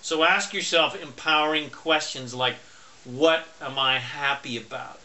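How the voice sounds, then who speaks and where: With a fairly high-pitched voice, the man gives an emphatic, loud motivational talk on self-help. Key points get extra weight as he slows right down on them.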